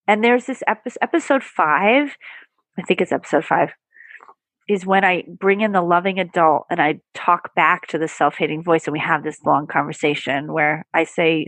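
A woman's voice: lowish voice, normal speed, fairly bright tone, no echo. A woman guest on a podcast, a therapist and performer, talking candidly and with animation, often laughing. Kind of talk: casual interview chat.

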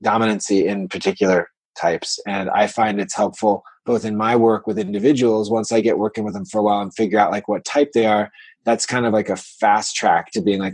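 Husky low-voiced man, rambling guest. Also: fairly even intonation, a little fast, no echo. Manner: rambling, full of "like" fillers. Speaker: podcast guest. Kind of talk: casual conversation. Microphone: remote call recording.

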